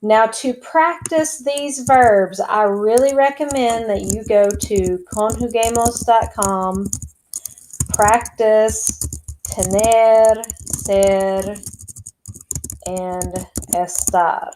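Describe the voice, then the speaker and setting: Slow-talking teacher woman, mellow voice. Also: mid-range voice, fairly even intonation, slight background noise, rough recording. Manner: chatty, explains step by step while typing. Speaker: Spanish teacher. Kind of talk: recorded classroom lesson. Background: keyboard typing and clicks.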